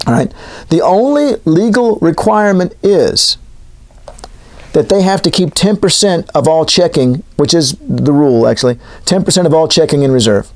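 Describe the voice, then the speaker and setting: A man's voice: fairly high pitch, expressive, moderate pace. A man teaching in a casual, joking lecture style, wandering into asides. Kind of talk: classroom lecture.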